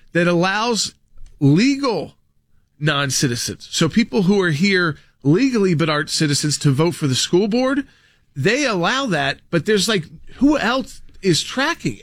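Fast-explaining man on dry studio mic. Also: sits high, no room sound. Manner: rapid, animated explaining with fillers. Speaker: lawyer and radio co-host. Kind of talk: talk radio discussion.

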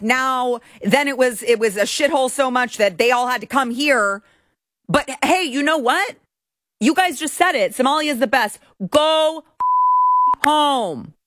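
A woman's voice: fairly high pitch, a bit bright, dry recording, clean studio sound. A woman in her thirties hosting a political commentary show, delivering a heated, indignant monologue.

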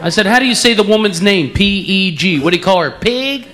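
A man's voice: high-pitched, expressive, fast. A man with an East Coast American accent doing stand-up, chatty and joking about his own accent. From eastern United States. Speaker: stand-up comedian. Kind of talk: stand-up routine. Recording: live club set, loud crowd noise.

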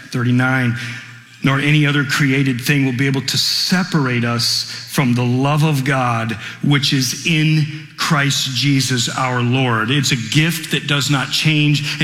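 A man preaching a radio sermon, swinging from hushed storytelling to fervent, rising delivery. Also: medium pitch, reverberant, big-room sound.

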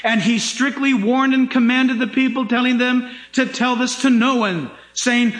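A male pastor preaching with animated, emphatic delivery and dramatic asides. His voice sits very high and rings through a roomy church sanctuary. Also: moderate pace, hardly any pauses. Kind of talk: sermon. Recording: echoey room.

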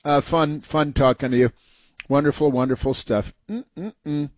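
A man's voice: fairly high pitch, steady tone, a little slow, no echo. A man hosting a talk show, giving a rambling, sarcastic monologue full of fillers and restarts. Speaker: talk radio host.

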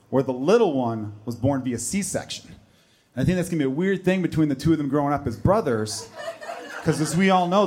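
A man in his thirties performing a stand-up comedy set on a club stage, telling stories in a conversational, self-deprecating way. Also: on the high side.

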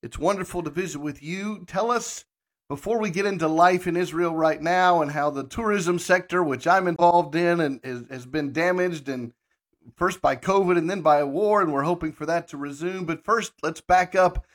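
A man hosting a radio interview show, who speaks in a formal, measured way. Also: fairly high pitch. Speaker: radio host, pastor.

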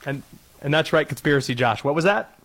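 A man with a Cajun accent hosting a sports talk radio show, loud, excitable and jokey. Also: brisk, a little hiss or hum. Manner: loud, excitable, jokey, swings pitch for emphasis.

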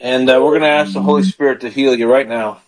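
A man's voice: medium pitch, steady tone, quick pace, a crowd in the background, rough recording. Male pastor-host, fervent call-in prayer, mid-range voice. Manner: fervent, prays aloud in bursts of praise. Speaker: radio show host and pastor. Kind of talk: call-in prayer radio show.

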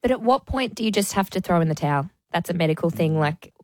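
A woman's voice: on the low side, expressive, fast. A woman co-hosting a radio show, reacting in a giggly, bubbly way. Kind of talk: casual radio banter.

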